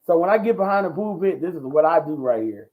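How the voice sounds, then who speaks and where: A man hosting a ministry talk show who preaches in a loud, bold, slangy way, repeating his phrases and answering viewer comments. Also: a little high, very animated, fast, narrow, tinny audio.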